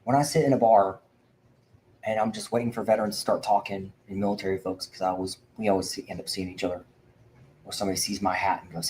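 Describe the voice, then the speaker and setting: A man's voice: fairly low pitch, fast talker, slight background noise, low-quality recording. A man hosting a livestream for veterans, preaching fervently and rambling with frequent restarts. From Indiana. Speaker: veteran advocate host. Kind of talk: livestream talk.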